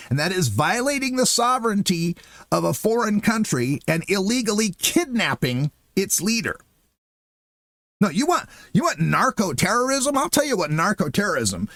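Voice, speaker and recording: A man hosting his own political show rants with sarcastic disbelief. His fairly high voice swoops up and down with lively emphasis, and it sounds close and dry with almost no room sound. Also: dry recording. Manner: sarcastic, incredulous, animated ranting. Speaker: political commentary show host.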